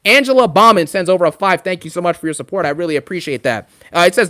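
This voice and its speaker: A young man ranting casually on a live stream about wrestling, fast and animated, full of slang and fillers. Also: high-pitched.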